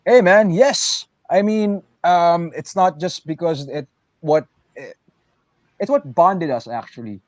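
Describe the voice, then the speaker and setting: Excitable man chatting on a video call. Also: a little high, takes it slowly, no room sound. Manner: excitable, animated, jumps between loud and soft. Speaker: pro wrestler and co-host. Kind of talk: casual livestream chat.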